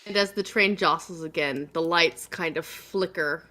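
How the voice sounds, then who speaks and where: A woman runs a live tabletop horror game. Her voice is bright and a touch low, and she lays out the scene slowly for atmosphere. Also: soft background music. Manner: slow, atmospheric narration with laughs. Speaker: game master.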